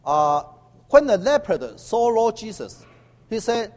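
Male preacher, high animated voice, long hall echo. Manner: halting with many uh fillers, emphatic call-and-response. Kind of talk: sermon.

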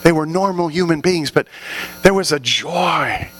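A man preaching an animated sermon to a congregation, often building to loud, fervent exhortations. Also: on the high side, unhurried, slight background noise, rough recording.

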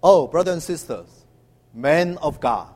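High lively preacher in a reverberant hall. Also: male voice. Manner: halting with many uh fillers, emphatic call-and-response. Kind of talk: sermon.

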